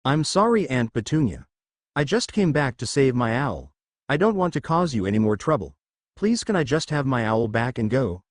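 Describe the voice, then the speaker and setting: A man's voice: medium pitch, very animated, moderate pace, dry recording, studio quality. A man voicing a frightened teenage boy wizard in a storybook reading, pleading in a strained voice. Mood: desperate.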